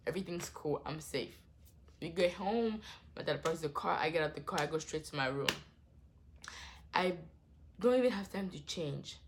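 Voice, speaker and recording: Animated young woman telling a dramatic story. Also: deep voice, moderate pace, long pauses, noisy background. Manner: dramatic, animated storytelling with swings from hushed to loud. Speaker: vlogger. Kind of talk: casual storytime.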